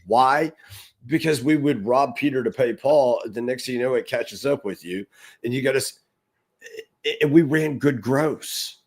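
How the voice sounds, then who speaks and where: A middle-aged man co-hosting a podcast, telling an animated story and acting out the quotes. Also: medium pitch, measured pace. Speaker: podcast co-host. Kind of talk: storytelling in casual podcast talk.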